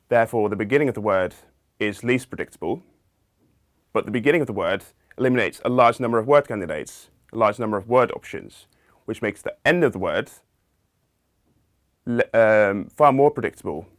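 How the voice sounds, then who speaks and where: Lecturer, male, lowish voice, measured teaching delivery, dry close sound. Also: no echo. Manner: measured, explanatory, with occasional fillers. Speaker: linguistics lecturer. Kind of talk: explanatory video lecture.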